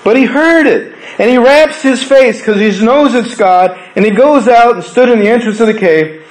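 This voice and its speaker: A pastor preaches a sermon in a conversational way at a moderate pace, asking rhetorical questions. He swings between raised, emphatic lines and hushed, low ones, captured in a low-quality recording.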